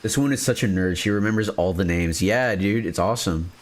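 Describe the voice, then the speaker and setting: Talking a little fast in a lowish voice, a man gives casual commentary while streaming a video game. He's playful, cracking jokes and chatting with his viewers as he plays.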